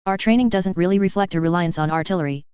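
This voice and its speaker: A narrator voicing a composed female warship captain who talks in a crisp, businesslike way, with a dull, lo-fi sound. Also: sits high, quick pace, a little mellow, dry recording, natural voice. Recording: dull lo-fi dry audio.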